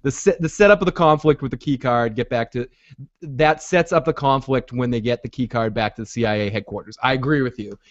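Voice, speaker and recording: A man's voice: mid-range voice, fairly quick. A man hosting a podcast, rambling through a casual TV recap and acting out scenes in voices. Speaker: podcast host. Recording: dull lo-fi audio.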